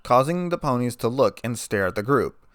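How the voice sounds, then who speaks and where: A man reading a fan story aloud as narrator, in a steady storytelling manner. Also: mid-range voice, normal speed, smooth, dry recording, clean studio sound.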